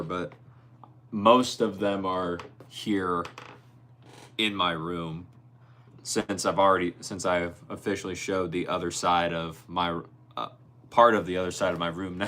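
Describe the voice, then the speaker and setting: A young man with a very low, deep voice hosts a relaxed livestream from his bedroom. He reads viewers' comments out loud and replies to each of them by name in an easygoing way. A faint hum sits behind him. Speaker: livestream host. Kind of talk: casual livestream chat.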